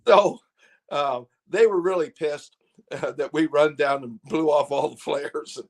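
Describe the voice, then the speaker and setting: A man's voice: fairly high pitch, a little slow. An older man, a guest telling casual stories, rambling with frequent restarts and laughter. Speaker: guest, former fighter pilot. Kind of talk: casual storytelling.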